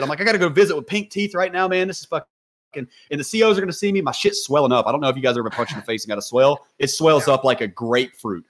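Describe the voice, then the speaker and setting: A man guests on a podcast and tells his story at a rapid clip. His talk is loose, full of slang and swearing, and he keeps it animated and casual throughout. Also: mid-range voice.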